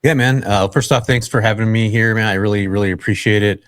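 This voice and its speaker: A man from California, a guest on an interview show, telling a long story in a relaxed, chatty way and often saying "man" and "like". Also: fairly low pitch, fast talker, dry recording, studio quality. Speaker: guest, real estate investor.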